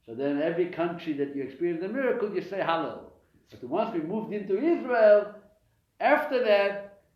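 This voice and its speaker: Rabbi, echoey lecture. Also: male voice, on the high side. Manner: animated, asks and answers his own questions; frequent hesitations and restarts. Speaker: rabbi teaching a weekly class. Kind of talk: live Torah class lecture. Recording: echoey room, dull lo-fi sound.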